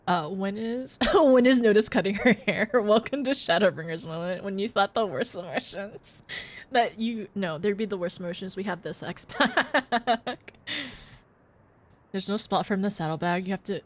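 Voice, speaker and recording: A woman streaming a game live, reacting with excited, giggly, emotional commentary. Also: medium pitch, moderate pace.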